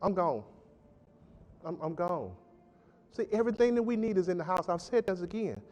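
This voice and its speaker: A man pastor preaching a sermon with emphatic call-and-response delivery, swinging between loud and soft. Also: high-pitched, expressive, moderate pace. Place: church sanctuary. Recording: church hall with long reverb.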